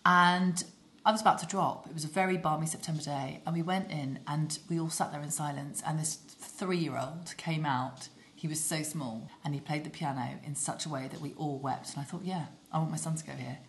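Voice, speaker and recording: A woman's voice: sits low, steady tone, fairly quick, fairly bright tone, slight background noise. A woman in her forties co-hosting a podcast, teasing and theatrical in casual chat. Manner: teasing, theatrical, sing-song asides. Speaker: podcast co-host.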